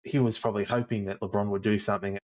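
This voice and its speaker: A man's voice: fairly low pitch, little pitch movement, racing, a little mellow. Easygoing man co-hosting a podcast. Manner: easygoing, explains at length. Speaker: podcast co-host. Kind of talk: casual chat.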